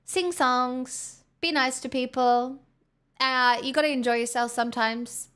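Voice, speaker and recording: A woman's voice: on the high side, normal speed, a bit bright, clear, resonant tone. An Australian woman streaming, chatting casually with viewers in a blunt, rambling way and swearing often. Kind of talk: casual chat reading viewer messages.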